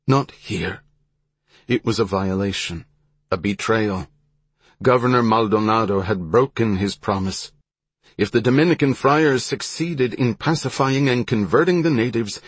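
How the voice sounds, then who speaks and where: A man reading a historical story aloud in measured, even scripted narration. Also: fairly low pitch, slightly rough, no echo.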